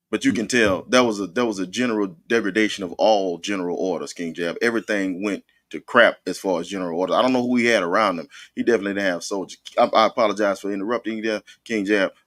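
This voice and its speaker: A man with a low, grounded voice co-hosts a casual talk radio show. He tells stories in an animated way and laughs often. The sound is dry and close, with no room around it. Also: dry recording. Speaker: co-host. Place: radio studio.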